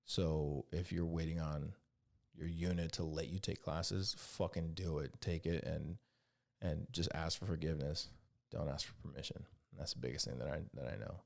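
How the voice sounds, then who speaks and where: A low, gravelly voice at normal speed belongs to a profane man hosting a podcast. He's an Army veteran from California telling rambling solo stories casually, complete with animated quoted dialogue.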